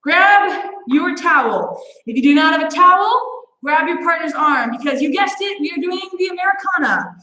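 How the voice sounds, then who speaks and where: A young woman with a high voice runs an online martial arts class, chatty and playful, laughing as she talks. She sounds like she is in a very echoey room at home. The tone is casual instruction rather than scripted. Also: animated, a little fast, pushed and bright. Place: home training space.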